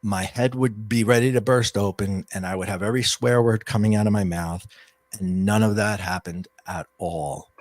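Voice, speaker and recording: A middle-aged man, a guest coach and author, telling a personal story in a rambling, animated way with frequent restarts. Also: on the low side, normal speed, dry recording. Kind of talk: storytelling in an interview.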